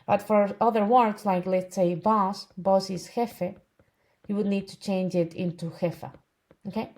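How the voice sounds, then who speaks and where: Woman tutor, patient, repeats and checks in often, lively pitch. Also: unhurried. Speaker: Spanish teacher. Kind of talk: online language lesson.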